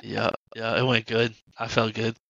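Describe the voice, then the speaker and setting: A man's voice: on the low side, completely flat delivery, moderate pace, creaky, a bit bright, dry recording, lo-fi sound. A young man telling a casual, swear-laced story about his family on a podcast. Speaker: podcast co-host. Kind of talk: casual chat.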